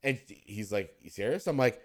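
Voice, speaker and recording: A man's voice: lowish voice, animated, normal speed. A man co-hosting a podcast in casual chat, a rambling storyteller who laughs and curses freely. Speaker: podcast co-host.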